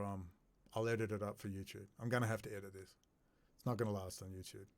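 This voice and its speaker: A man's voice: mid-range voice, no room sound. A man in an unscripted, angry, profane rant to camera. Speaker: video blogger.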